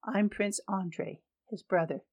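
A woman's voice: medium pitch, slow, darkish tone. A woman narrating a science fiction story as an audiobook reader, voicing every character lightly in her own voice. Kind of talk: scripted narration.

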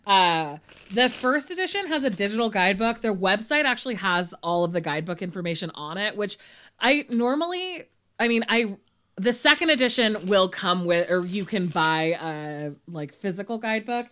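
A woman's voice: medium pitch, animated, moderate pace, bright, forceful tone. A woman co-hosting a podcast, chatting in a casual, upbeat way and often laughing. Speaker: podcast co-host. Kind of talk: casual chat.

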